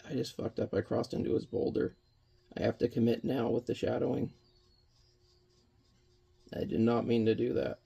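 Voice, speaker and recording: Gravelly man chatting while painting. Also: medium pitch, flat delivery, normal speed, pauses often, warm tone. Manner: rambling, muttering to himself as he works. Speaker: watercolor painting vlogger. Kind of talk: casual chat while painting.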